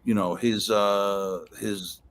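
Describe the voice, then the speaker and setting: A man's voice: lowish voice, steady tone, takes it slowly, slight background noise. A man telling stories in casual talk, profane and rambling, with many restarts. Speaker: guest storyteller. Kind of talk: casual chat.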